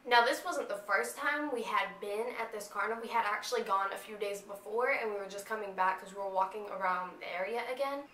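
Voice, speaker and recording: A woman's voice: medium pitch, brisk, few pauses, fairly bright tone, a little hiss or hum. A young woman from North Carolina, chatty, laughing often and filling her talk with "you know" as she tells a story to her camera. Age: young adult. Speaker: vlogger. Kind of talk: casual storytime vlog. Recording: echoey home room.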